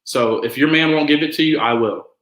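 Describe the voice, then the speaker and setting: A man's voice: on the high side, a little fast, fairly bright tone, roomy sound, low-quality recording. A man guesting on a podcast in casual chat, an easygoing storyteller who acts out quotes.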